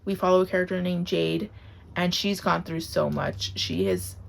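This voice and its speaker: A woman's voice: on the low side, lively intonation, normal speed, gravelly, slight background noise. A woman reviewing books to camera in a casual vlog, gushing and emotional, close to tears, with many "like" fillers. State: tearful, close to crying. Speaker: book vlogger. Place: home, on camera.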